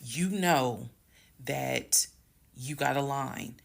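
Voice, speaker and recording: A woman casually telling her own story to viewers, emphatic and at times fast and loud when she gets heated. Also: a bass voice, gravelly. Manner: addresses viewers as "y'all". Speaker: storyteller recounting her marriage.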